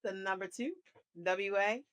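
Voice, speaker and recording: A woman's voice: medium pitch, fairly even intonation, a little slow, fairly bright tone, clear, resonant tone. A woman co-hosting a podcast, introducing guests and chatting in an upbeat, welcoming way. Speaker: podcast co-host. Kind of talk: casual chat.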